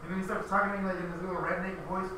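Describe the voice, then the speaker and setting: A man's voice: sits high, rapid-fire, background noise. Chatty young man in an echoey room. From California. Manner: animated, chatty. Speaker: study group member. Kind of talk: casual storytelling. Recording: echoey room, far from mic.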